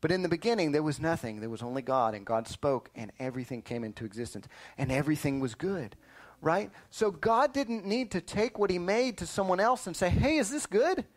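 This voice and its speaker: A man teaching a lively Bible lesson to children, quizzing them and often calling "listen up" to get their attention. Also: on the high side, a little fast. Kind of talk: animated Sunday school lesson.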